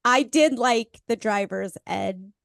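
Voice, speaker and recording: Female podcast co-host, slightly high, dry close recording, nostalgic casual chat. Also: slow, creaky, no room sound. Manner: fond, nostalgic, laughs often. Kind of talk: casual movie review chat.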